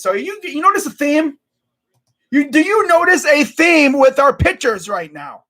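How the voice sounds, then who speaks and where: Husky, high-voiced young man ranting. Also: pushed and bright. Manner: ranting, exasperated, repeats himself. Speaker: sports channel host. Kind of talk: casual sports rant.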